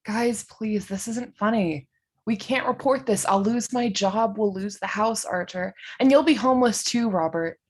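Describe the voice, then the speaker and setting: A woman's voice: mid-range voice, moderate pace, slightly rough, pitched above the performer's own voice, natural voice. A woman voicing a panicky young man who pleads frantically, in an amateur comedic audio drama. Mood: panicked.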